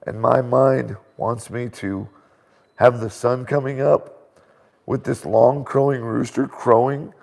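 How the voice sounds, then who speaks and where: A middle-aged man hosting a casual live question-and-answer chat at home, an animated storyteller who laughs often. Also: mid-range voice, slow, gravelly. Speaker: host. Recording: reverberant room sound.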